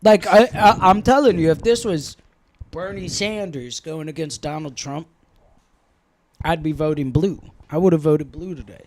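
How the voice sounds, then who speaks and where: A podcast host in casual chat, telling a story in a blunt, profane, animated way. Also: male voice, fairly high pitch, moderate pace.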